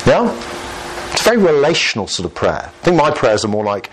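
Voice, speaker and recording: A man preaches a sermon, and his pitch rises and falls a great deal as he talks. He sounds conversational, drops in light humour and keeps putting questions to his congregation. Faint background noise sits under his voice. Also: big pitch swings, a little fast, rough recording. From Lancashire, England.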